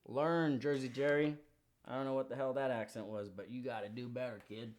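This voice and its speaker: A man's voice: medium pitch, steady tone, quick pace, a little mellow. A young man hosting a sports betting show, running through his picks in a slangy, hyped, confident way. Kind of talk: casual betting picks rundown.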